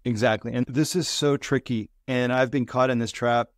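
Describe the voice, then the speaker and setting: Telling stories as a guest on an interview podcast, a middle-aged business consultant reflects earnestly on lessons learned, speaking in short phrases that build on each other. His mid-range voice has fairly even intonation at a normal speed, in a dry, studio-quality recording.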